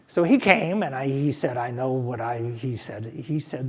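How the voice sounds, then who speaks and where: A man's voice: medium pitch, lively intonation, moderate pace, darkish tone, husky, long reverb tail. An older man, a professor, speaking in a fireside chat, thoughtful and emphatic, often restarting his sentences. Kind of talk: fireside chat, answering a question. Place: stage at a business school event.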